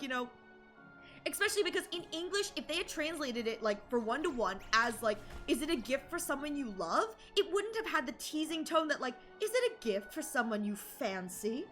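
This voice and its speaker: A young adult woman streaming and chatting casually, animated and rambling with lots of fillers and restarts. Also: high voice. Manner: excited shouted greetings to chat. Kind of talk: casual live-stream chat.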